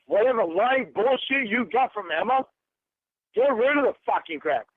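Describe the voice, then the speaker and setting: A man's voice: very high-pitched, lively intonation, normal speed, no room sound. A man in a furious, swearing phone argument, hurling accusations. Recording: tinny phone line.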